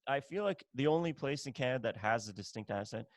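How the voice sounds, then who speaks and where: A man's voice: mid-range voice, lively intonation, fast talker, dry recording. A man hosting a podcast, chatting casually in a blunt, profane, joking manner. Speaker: podcast host. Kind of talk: casual chat.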